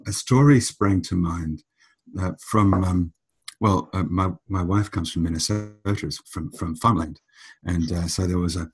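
A male podcast host with a deep, raspy voice, talking in a thoughtful, explanatory way. He tells stories to make his points and leads the talk with his guests. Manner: thoughtful, storytelling.

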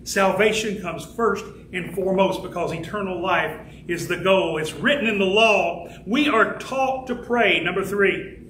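A man preaching a fervent sermon as pastor, building to shouts and slowing down to stress key words. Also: sits high, a little hiss or hum. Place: church sanctuary. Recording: echoey church room with faint ambience.

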